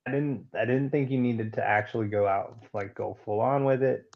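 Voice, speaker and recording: Gravelly-voiced man in relaxed podcast chat. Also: medium pitch, moderate pace, highs cut off. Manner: relaxed, laughing, roundabout. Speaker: podcast co-host. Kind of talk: casual chat.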